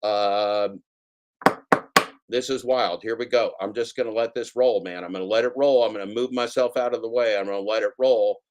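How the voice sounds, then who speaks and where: A man's voice: on the low side, steady tone, normal speed, darkish tone. A man hosting a casual reaction stream, commenting on clips with playful, jokey mock warnings to his viewers.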